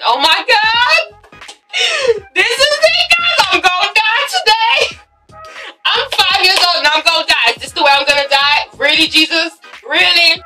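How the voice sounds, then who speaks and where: Young woman from Ghana, high voice, very bright tone, animated storytelling, swears a lot, faint music behind. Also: poor audio. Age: young adult. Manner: animated, swearing, addresses viewers as guys. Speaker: vlogger. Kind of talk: storytime vlog.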